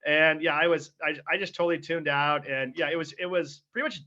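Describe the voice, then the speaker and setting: A man's voice: a little high, brisk, pushed and bright. A man co-hosting a podcast in casual chat, rambling with lots of fillers and laughing often. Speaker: podcast co-host. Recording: dull lo-fi podcast audio.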